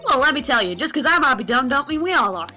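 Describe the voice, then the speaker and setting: A woman's voice: high-pitched, big pitch swings, quick pace, bright, forceful tone, soft background music, exaggerated voice. A woman doing a brash Southern drawl gal. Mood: scolding. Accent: Southern US drawl, put on. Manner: blustering, folksy, scolding. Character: loud brash Southern woman photographer, pushy. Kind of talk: fan voice-over of a game.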